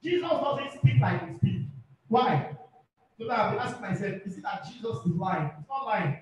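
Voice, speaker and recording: A man's voice: high voice, animated, moderate pace, a little mellow. A man preaching a fervent sermon as pastor, repeating his points and calling for amens. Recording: very echoey hall, far from mic.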